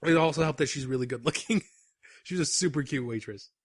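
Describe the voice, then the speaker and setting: A young man co-hosts a podcast, telling a story in a casual, animated way and breaking into laughter along the way. His voice sits a little higher than most men's. It is recorded dry and close, with no room sound. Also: quick pace, husky, no room sound. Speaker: podcast co-host.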